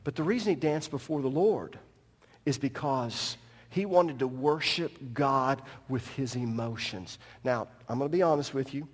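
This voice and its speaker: A man preaching a sermon as pastor, telling a story with animated delivery and joking asides. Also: mid-range voice, normal speed, in a large hall.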